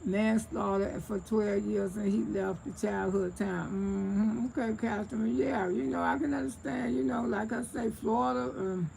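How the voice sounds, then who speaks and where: A woman's voice: a little high, fairly even intonation, moderate pace, creaky, hardly any pauses, dark tone, slight background noise, rough recording. A woman, casually telling stories on a livestream and answering viewer comments, laughing often. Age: 60s. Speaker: livestream host.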